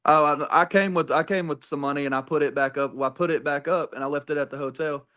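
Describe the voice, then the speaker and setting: A man's voice: a little high, fairly even intonation, fast talker, pushed and bright. A man chatting casually about racing, rambling with frequent restarts and swearing. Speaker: podcast co-host.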